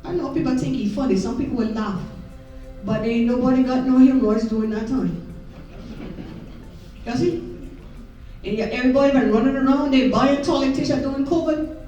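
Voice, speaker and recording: A woman's voice: high voice, brisk, pauses often, warm tone, dull audio, soft background music. A middle-aged woman with a Gullah accent, giving a folksy live talk to an audience and often asking "you see?". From South Carolina Lowcountry. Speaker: Gullah historian and interpreter. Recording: echoey room from far off.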